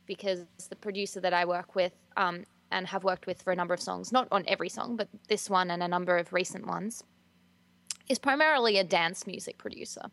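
A woman's voice: lowish voice, a little fast, creaky, a bit bright, no room sound. A young Australian woman, a musician guest, talking in a chatty, giggly way with many ums. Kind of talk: casual interview chat.

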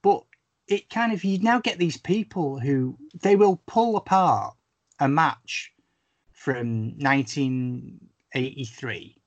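A man in casual podcast chat, telling stories animatedly with lots of swearing and swooping pitch. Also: takes it slowly, no room sound, muffled recording. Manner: animated, sweary storyteller with big pitch swings. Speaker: podcast guest or co-host.

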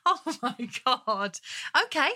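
A woman co-hosting a podcast, chatting casually and giggling often in quick bursts. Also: on the high side, animated, bright, forceful tone. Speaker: podcast co-host. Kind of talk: casual chat.

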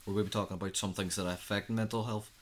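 A man's voice: on the low side, level tone, racing, slight background noise. A thirteen-year-old boy, co-hosting a youth podcast in casual chat and acting out his own reactions as he tells stories. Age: 13, teenager. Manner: chatty storyteller, acts out his own reactions.

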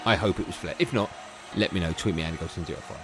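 A man's voice: low-pitched, very fast, a bit bright. A man hosting a sports radio show, chatty and jokey. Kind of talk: casual radio chat.

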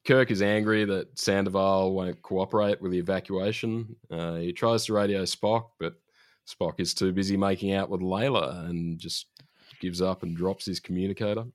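A man's voice: sits low, steady tone, normal speed, no echo, clean studio sound. A man, a podcast host, recapping an episode in casual chat, laid-back and often laughing, with ums as he trails off.

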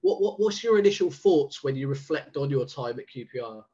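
A man's voice: mid-range voice, lively intonation, fairly quick, warm tone. A male podcast interviewer sets up his question with hesitant fillers and small restarts. He has a mid-range voice. The sound is dull and lo-fi.

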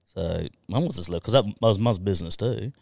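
A man's voice: lowish voice, brisk, creaky, darkish tone, no room sound. An Australian man telling stories in a casual podcast chat, blunt and swearing freely as he laughs through his stories. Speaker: podcast guest.

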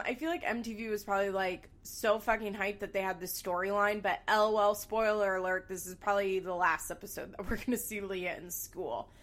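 A woman's voice: mid-range voice, a bit bright. A young adult woman hosting a podcast in casual chat, sounding nasal from a sinus infection and ranting with frequent swearing. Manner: profane ranting, swearing often. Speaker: podcast host.

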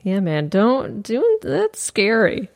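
A woman chatting casually as a co-host, talkative and easily amused. Her voice sits at an ordinary middle pitch. The sound is dry and close, with no room around it. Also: wildly swooping pitch, takes it slowly, darkish tone, no room sound. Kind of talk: casual chat.

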